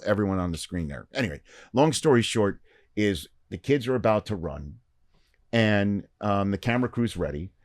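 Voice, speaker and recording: A man on a podcast as a guest, telling a long story in casual chat and acting out the quoted lines with lively shifts. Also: lowish voice, no room sound, studio quality. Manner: animated storyteller, acts out quoted dialogue. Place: podcast studio.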